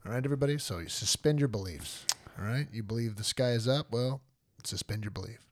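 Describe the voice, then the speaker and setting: A man's voice: medium pitch, fast, darkish tone, no room sound, studio quality. A man hosting a casual podcast, playful and jokey, sounding out of breath. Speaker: podcast host. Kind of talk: casual chat.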